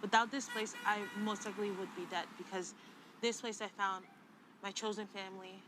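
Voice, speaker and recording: Young woman, earnest, sincere, outdoors, traffic noise clear behind. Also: medium pitch, level tone, normal speed. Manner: earnest, sincere, with you-knows. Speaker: guest. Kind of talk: personal story in an interview. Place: outdoors in a city garden.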